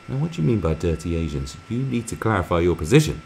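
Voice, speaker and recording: A man's voice: low voice, sing-song, fast talker, vocal fry, darkish tone, a little hiss or hum. A man hosting a live stream, reading viewer comments aloud and mocking them in a crude, sarcastic way.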